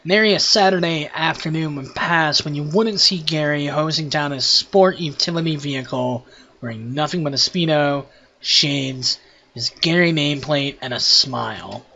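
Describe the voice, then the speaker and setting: A man's voice: a little high, normal speed, vocal fry, bright, forceful tone, slight background noise. A man hosting a let's play, reading the game text aloud with wry, profane asides.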